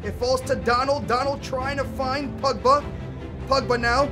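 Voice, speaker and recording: A young man with a very high, bright voice, commentating his own match as he plays. He talks casually to his viewers and flares into loud yelling at the screen, with faint music in the background. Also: a little slow. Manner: excitable, yells at the game, then rambles casually. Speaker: gaming YouTuber. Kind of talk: live gameplay commentary.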